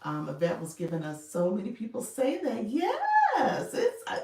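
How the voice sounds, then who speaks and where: A woman's voice: fairly low pitch, sing-song, a little fast, darkish tone. A woman coaching on a casual livestream, thanking viewers by name and laughing often. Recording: echoey room, mic at a distance.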